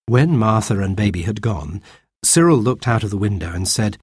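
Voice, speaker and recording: Husky guy narrating a kids storybook, slow and sing-songy. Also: fairly low pitch, expressive, darkish tone, no echo, clean studio sound.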